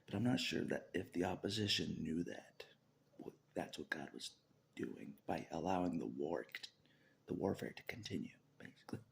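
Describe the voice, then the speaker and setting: Brief: man, vlogger, deep gravelly voice, rambling monologue that slips into whispers. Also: lively intonation, normal speed. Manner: rambling, laughs often, drops into whispers.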